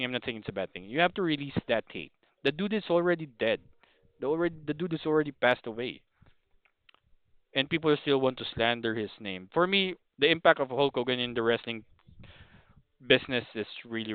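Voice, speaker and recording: Here the podcast host, a Filipino man in his thirties, offers casual opinions in a rambling way, frequently restarting and apologizing. His mid-range voice moves briskly with lively intonation and a clean tone, no room sound, captured on thin phone-like audio.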